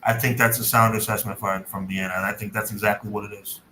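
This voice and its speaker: A man's voice: fairly low pitch, little pitch movement, fast talker, sharp tone. A man co-hosting a casual podcast, agreeable, thinking aloud and repeating words as he goes. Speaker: podcast co-host. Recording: echoey room with faint noise.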